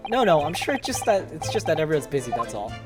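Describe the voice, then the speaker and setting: A woman voicing a polite young female assistant in a video game, speaking courteously and gently over loud game music. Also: low voice, sing-song, fast.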